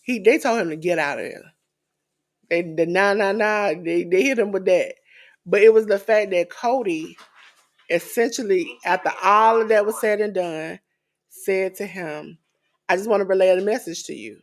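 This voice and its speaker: A woman co-hosting a wrestling podcast in casual chat, animated and acting out quotes in different voices. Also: medium pitch, unhurried. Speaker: podcast co-host.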